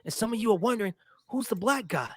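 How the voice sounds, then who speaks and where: Blunt high-voiced male commentator. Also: expressive, quick pace. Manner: blunt, opinionated. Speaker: co-host. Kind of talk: casual commentary.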